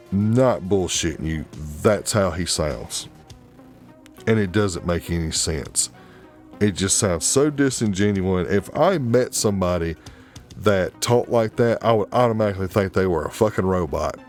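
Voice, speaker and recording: A man hosting a podcast, giving a casual, profane and animated movie review with plenty of exasperation. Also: lowish voice. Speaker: podcast host.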